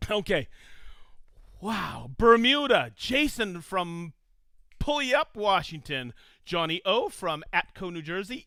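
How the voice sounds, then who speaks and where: Hosting a live tool show stream, a man with a bright, clear, high voice that swings widely in pitch enthusiastically greets viewers by name and hometown in casual chat. The sound is close and dry, with no room sound.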